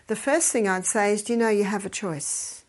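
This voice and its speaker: A woman's voice: medium pitch, moderate pace. An older woman, casually giving advice, telling stories and acting out the people in them. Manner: storytelling, acts out quoted voices, quotes scripture.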